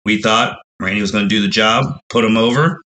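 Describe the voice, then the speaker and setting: Brief bright-voiced man hosting a wrestling podcast. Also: on the low side, a little fast, slight background noise, low-quality recording. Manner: storytelling, acting out the fans' reactions as quotes. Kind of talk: casual podcast recap.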